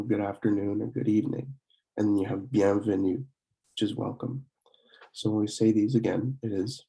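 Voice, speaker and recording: Young male student teacher, dark mellow tone, low pitch, relaxed recorded lesson with fillers. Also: creaky. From Pennsylvania, USA. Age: young adult. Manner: casual, many fillers, slow careful word demonstrations. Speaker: student French club teacher.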